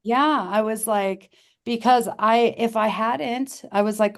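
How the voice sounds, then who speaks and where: Speaking slowly in a fairly high but even-toned voice, a middle-aged podcast guest tells a heartfelt personal story in casual conversation. She's earnest, frequently restarts her sentences and acts out other people's words.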